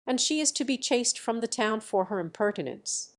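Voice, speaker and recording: A woman's voice: on the high side, animated, normal speed, lightly acted. A woman doing a jeering band of pages. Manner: jeering, shouting. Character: jeering crowd of young male pages.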